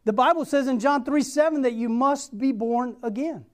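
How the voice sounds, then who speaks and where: A young man preaching a sermon, telling a personal story and acting out the dialogue with lively energy. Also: very high-pitched, normal speed. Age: young adult. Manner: repeats a rallying question.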